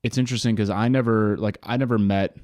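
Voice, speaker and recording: A man's voice: lowish voice, fairly even intonation, fast talker, a little mellow, no echo, clean studio sound. A young man co-hosting a podcast, reflective and searching for words, with many fillers. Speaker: podcast co-host. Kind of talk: casual chat.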